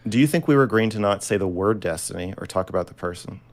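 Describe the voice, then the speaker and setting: A man with a very low, heavy voice cross-examines his opponent in an online debate. He is insistent and repeats his questions. Now and then he pushes his voice up loud. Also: quick pace.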